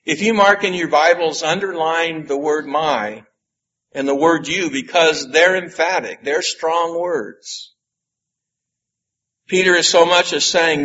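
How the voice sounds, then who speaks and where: A man preaching a sermon, slow and emphatic, with dramatic pauses. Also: on the high side, sharp tone, lo-fi sound. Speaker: pastor.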